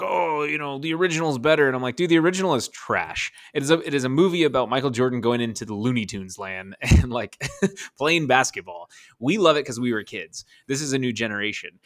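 A man's voice: medium pitch, fairly bright tone, no echo, clean studio sound. A man in his thirties co-hosting a casual podcast, talking enthusiastically and rambling with frequent laughs. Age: 30s. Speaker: podcast co-host.

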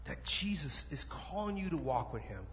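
A man preaching a sermon as a pastor, animated and dropping to soft, slow intensity, in a church sanctuary with echo and faint room noise. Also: fairly high pitch.

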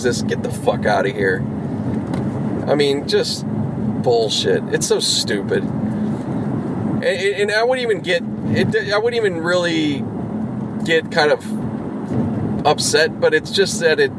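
A man with a slightly higher voice rants in a loose, profane, rambling way, starting over and trailing off mid-thought. Clear traffic and street noise sit behind him. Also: animated, takes it slowly, long pauses. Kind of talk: casual rant.

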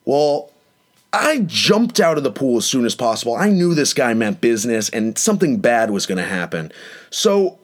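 Lively young man telling a story. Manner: animated, dramatic retelling with rising pitch on quotes. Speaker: host. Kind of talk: casual storytelling chat.

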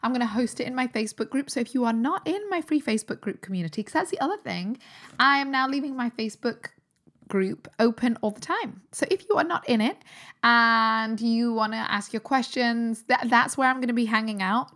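A British woman, a holistic nutritionist, hosting her own podcast in a chatty, upbeat way, her voice still a little croaky from a recent cold. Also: a little high, fairly quick, fairly bright tone. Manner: chatty and upbeat, with frequent fillers and restarts. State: slightly croaky voice recovering from a cold. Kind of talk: casual solo podcast talk.

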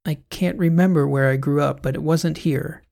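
A man's voice: a little high, fairly even intonation, vocal fry, darkish tone. A man voicing a bewildered amnesiac woman. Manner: bewildered, slow and careful. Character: puzzled woman out of place, memory lost. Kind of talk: audiobook character voice.

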